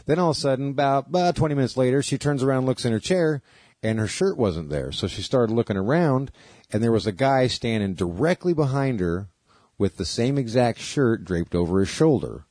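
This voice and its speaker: A man co-hosting a podcast, telling stories in a casual, animated way. He swears freely and acts out the people in them, his pitch swinging widely. The sound is dry and close, with no room echo. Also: brisk. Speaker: podcast co-host. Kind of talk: casual storytelling chat.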